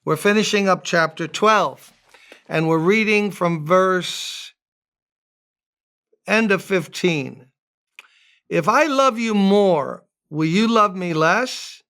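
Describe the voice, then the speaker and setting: A man with a rather high, smooth and resonant voice gives a devotional sermon as a pastor. He keeps it casual and conversational, with joking asides, and reads scripture passages aloud between them. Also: slow, long pauses, a bit bright.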